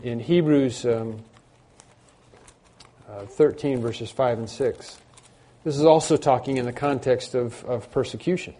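A man's voice: medium pitch, warm tone. A man preaching a sermon as a pastor, earnest and repeating phrases for emphasis.

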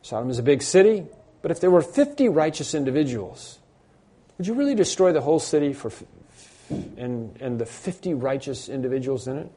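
A man's voice: mid-range voice, big pitch swings, brisk, mellow, breathy edge. A man preaching a sermon, reading scripture passages aloud and stopping to comment on them. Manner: reads scripture aloud, then comments with fillers and restarts.

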